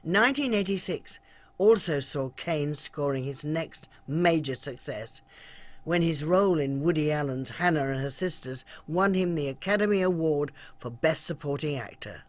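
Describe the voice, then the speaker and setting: Male doc narrator, scripted, measured, light-pitched. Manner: measured, informative. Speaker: documentary narrator.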